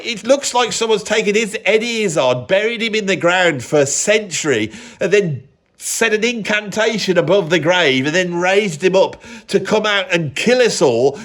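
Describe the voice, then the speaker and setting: Sarcastic British man ranting. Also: high-pitched. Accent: British English. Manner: blunt, sarcastic, rambling. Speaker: musician and vlogger. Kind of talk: opinionated rant.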